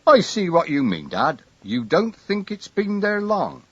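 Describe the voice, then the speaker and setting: A man voicing a big, genial country police officer who talks in a slow, amused drawl. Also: high-pitched, huge pitch swings, a bit bright, breathy edge, dry recording, lo-fi sound, pitched above the performer's own voice, heavily acted.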